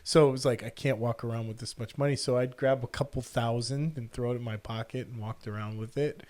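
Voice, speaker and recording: A man's voice: mid-range voice, brisk. A middle-aged man hosting a podcast, telling a story casually and acting out the people in it. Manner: animated, quotes people in the story. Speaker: podcast host.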